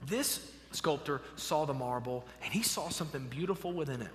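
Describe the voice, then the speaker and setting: A man preaching a sermon as a pastor, telling a story with animated swells and hushed drops. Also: fairly high pitch, moderate pace, long reverb tail, a little hiss or hum. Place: church sanctuary.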